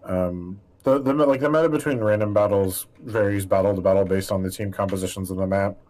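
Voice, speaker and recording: Guy with a lowish voice chatting on a gaming stream, kinda rambly, lots of ums. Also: steady tone, brisk, a little mellow. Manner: rambling, many fillers and restarts. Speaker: co-host answering chat. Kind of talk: casual livestream chat while gaming.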